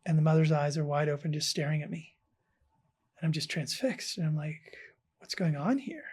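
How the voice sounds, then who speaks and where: Podcast guest from South Africa, man, light voice, earnest storyteller who goes quiet and hushed. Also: fairly high pitch, level tone, fairly quick, breathy edge. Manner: earnest, dropping to hushed tones. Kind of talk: personal storytelling in an interview.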